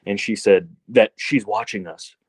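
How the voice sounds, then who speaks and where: Low-voiced man chatting about a film. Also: unhurried, slightly rough, no room sound. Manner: relaxed, rambling, many fillers. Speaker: podcast guest. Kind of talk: casual movie discussion.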